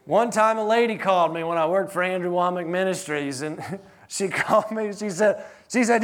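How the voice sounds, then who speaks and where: Delivering a sermon, this pastor's voice sits high and his pace is brisk. He's animated, alternating booming emphasis with quiet moments and chuckling as he tells stories.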